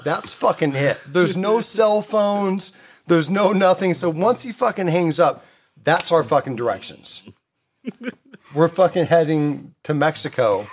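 A man's voice: on the high side, lively intonation, a little slow. A man in his fifties from California, telling a long casual anecdote, swearing heavily, rambling, and laughing often. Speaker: storyteller guest.

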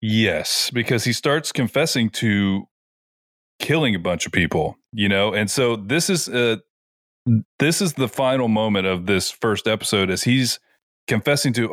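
Low-ish guy chatting on a podcast, dry close sound, says like a lot. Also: measured pace, dry recording. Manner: animated retelling with frequent "like". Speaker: podcast co-host. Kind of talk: casual chat.

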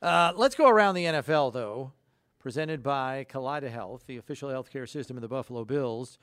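A man's voice: mid-range voice, fairly quick, a bit bright, no echo, studio quality. A man co-hosting a sports radio show, reading news items and cracking wry jokes in casual chat. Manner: wry, joking asides.

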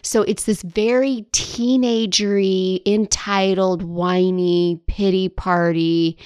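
A woman hosts her own life coaching podcast, talking playfully and laughing often as she acts out whiny voices. Her voice sits at a middle pitch. The sound is dry and close, with no room echo. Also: steady tone, takes it slowly, hardly any pauses, a little mellow, clean tone. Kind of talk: solo podcast monologue.

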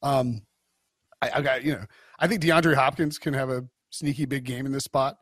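A man's voice: mid-range voice, steady tone, normal speed, a bit bright, dry recording, studio quality. A man co-hosting a sports betting podcast, giving blunt opinions in a rambling casual way with many restarts. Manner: rambling, frequent restarts and fillers.

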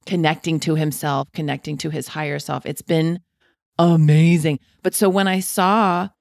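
A woman's voice: deep voice, fairly even intonation, normal speed, vocal fry, darkish tone, dry recording, studio quality. A woman hosting a podcast interview, affirming and gushing as she talks with her guest. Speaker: podcast host. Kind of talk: casual interview chat.

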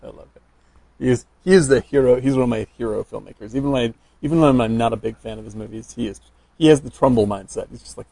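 A man's voice: mid-range voice, fast, creaky, warm tone, no echo. A man co-hosting a casual podcast chat, laughing often and telling stories with enthusiasm. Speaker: podcast co-host.

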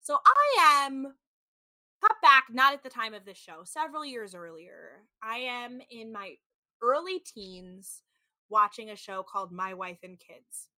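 Recapping a reality show on a podcast she co-hosts, a woman in her thirties chats casually in a fairly high, unhurried voice. Her storytelling is animated, peppered with "like" and acted-out quotes, and the recording has no room sound.

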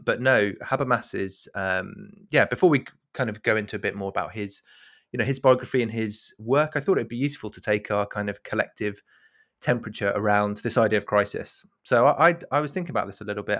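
A man's voice: on the low side, fairly bright tone. A man with a South African accent co-hosting a discussion podcast, chatty and self-mocking, with frequent fillers. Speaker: podcast co-host. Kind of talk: casual discussion.

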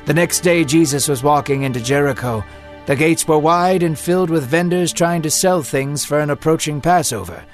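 A man narrating a Bible story in a dramatic storytelling manner. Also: on the high side.

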